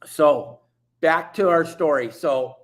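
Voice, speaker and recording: A man hosting a fishing show, telling a story with excitable, slangy exaggeration and a Californian accent. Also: on the high side, takes it slowly. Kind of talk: animated storytelling.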